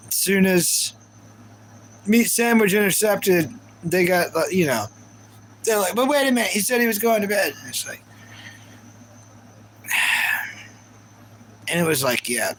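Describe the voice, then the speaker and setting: High-voiced man chatting on a live stream. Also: a little hiss or hum, poor audio. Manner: rambling and chatty, with many fillers. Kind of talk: casual live-stream chat.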